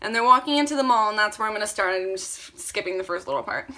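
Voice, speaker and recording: A woman's voice: mid-range voice, fast talker, pushed and bright, soft background music. A woman vlogger reading her old fan fiction aloud, sarcastic and self-mocking.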